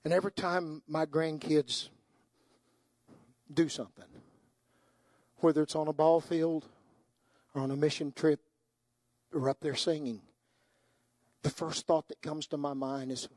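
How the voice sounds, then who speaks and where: An older man preaching a sermon, moving from hushed, tender storytelling to soaring, impassioned climaxes. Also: fairly high pitch, little pitch movement, a little slow, pauses often, dry recording.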